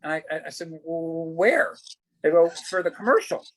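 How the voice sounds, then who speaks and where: A man's voice: fairly high pitch, lively intonation, normal speed, low-quality recording. A middle-aged man, an actor, telling stories in a casual interview, acting out quoted dialogue and swearing casually. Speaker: actor guest.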